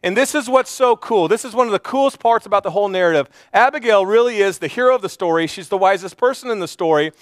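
A man preaching a sermon, telling a Bible story with animated flair and acting out the lines of the people in it. His voice sits high and sounds smooth and resonant. The recording is dry and close. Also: quick pace, few pauses, no echo. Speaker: pastor.

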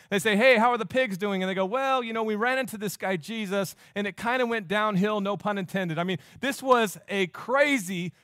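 A pastor preaching a sermon, emphatic and fond of repeating phrases for effect. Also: male voice, sits high, fairly bright tone, no echo, clean studio sound.

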